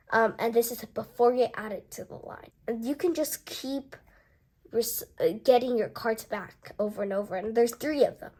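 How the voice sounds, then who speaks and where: A young woman casually unboxing a board game and reading its cards aloud, chatty and excited as she goes. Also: on the high side, normal speed. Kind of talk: casual unboxing and card review.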